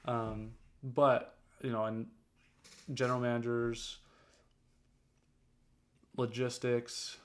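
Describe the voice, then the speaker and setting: A man's voice: mid-range voice, little pitch movement, slow pace, long pauses. A young man, a detailing business owner talking casually to camera, rambling with many fillers as he coaches viewers. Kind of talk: casual vlog talk.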